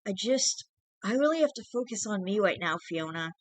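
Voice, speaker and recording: A reader voicing a sick young man who quietly apologizes while breaking up with his girlfriend. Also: mid-range voice, lively intonation, moderate pace, no room sound, pitched above the performer's own voice, lightly acted. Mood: guilty, strained. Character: sick, guilt-ridden young man ending a relationship.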